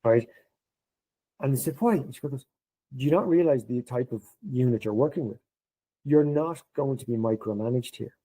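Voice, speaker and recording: A man's voice: mid-range voice, moderate pace, long pauses, husky, rough recording. A middle-aged man, a podcast guest, telling workplace stories in casual conversation and acting out the dialogue in a lifted voice. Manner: animated, acts out quoted dialogue in a raised voice.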